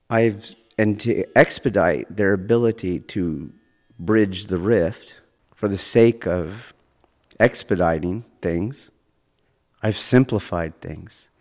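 Deep-voiced man, measured academic monologue. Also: darkish tone, big-room sound. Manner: deliberate, academic phrasing with frequent rephrasing. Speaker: martial arts teacher and podcast host.

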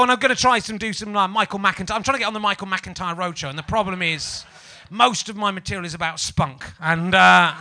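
Bright and forceful, his high voice carries a Yorkshire accent. He's a stand-up comedian hosting a live comedy podcast, where he rambles, curses and pokes fun at the audience.

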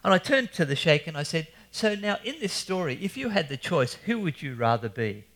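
A man recounts a story with animated delivery. He acts out the characters' lines and sometimes rises to loud cries. His voice sits a little above the usual male pitch. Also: a little fast. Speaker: Christian speaker telling an anecdote. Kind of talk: storytelling talk.

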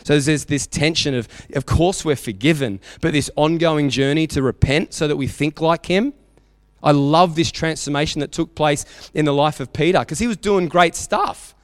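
Australian male pastor, lively sermon delivery, fairly high voice, long hall reverb. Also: moderate pace, studio quality. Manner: animated storytelling, acting out quotes. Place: church hall.

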